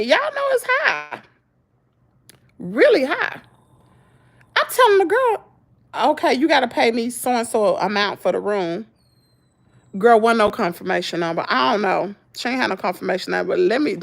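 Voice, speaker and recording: A woman's voice: a little high, normal speed, vocal fry. A Southern American woman vlogger telling a story in casual chat, acting out what people said and laughing often. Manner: animated storytelling, acts out quotes, frequent laughter.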